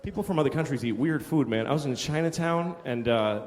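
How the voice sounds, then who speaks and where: A male stand-up comedian ranting with profane exasperation and acting out quick voices on stage. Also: fairly high pitch, darkish tone. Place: large venue with live audience. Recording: live stage recording with reverb and audience noise.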